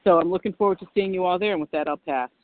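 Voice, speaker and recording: Older woman sharing on a phone call, earnest and halting, lots of restarts, thin tinny line, dead dry sound. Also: fairly low pitch, no echo. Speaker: recovery meeting member. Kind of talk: personal share on a phone meeting.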